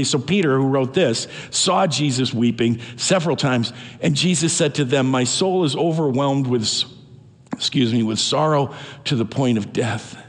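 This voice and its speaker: A man's voice: fairly high pitch, big-room sound. A man preaching a sermon as pastor, earnest and emphatic, often restarting his phrases.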